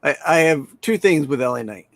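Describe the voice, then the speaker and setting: A man's voice: fairly high pitch, lively intonation, fairly quick, vocal fry, no echo. A man co-hosting a wrestling podcast, chiming in with wry remarks. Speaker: podcast co-host. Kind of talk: casual wrestling chat.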